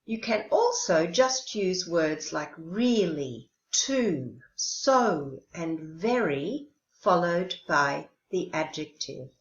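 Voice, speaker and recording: A woman teaching an English lesson, speaking slowly and carefully and modelling pronunciation clearly. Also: fairly low pitch, lively intonation. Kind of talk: recorded language lesson. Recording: roomy, dull lo-fi sound.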